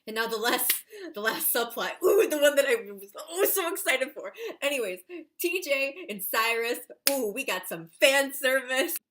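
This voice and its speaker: A woman in a casual reaction vlog, gushing and excitable about an episode, full of "like" fillers. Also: high voice, normal speed, slight background noise. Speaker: vlogger reviewing a TV episode.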